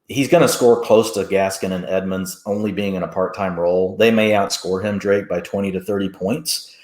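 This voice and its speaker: A man co-hosting a casual sports podcast, animated, chuckling often and restarting sentences. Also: low voice, echoey room. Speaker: podcast co-host. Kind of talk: casual fantasy football chat.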